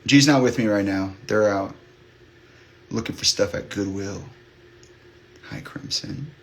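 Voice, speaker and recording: Male livestream host, somewhat low-pitched, candid and rambling, loose filler-heavy delivery. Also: a little slow, slight background noise. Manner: rambling, open, many fillers and restarts. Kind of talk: candid chat with live viewers.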